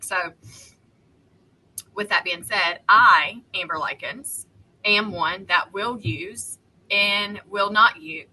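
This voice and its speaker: A woman co-hosting a chat podcast, her voice very bright and sharp. She tells a story in an animated, mouthy way. A faint hiss runs under the recording. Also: fairly low pitch, poor audio. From North Carolina, US. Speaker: podcast co-host.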